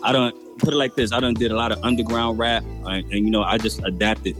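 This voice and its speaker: A man's voice: fairly low pitch, fairly even intonation, quick pace, music in the background. A man from New Jersey, a rapper guest in a casual interview, laid-back and filling his talk with "you know.". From New Jersey, USA.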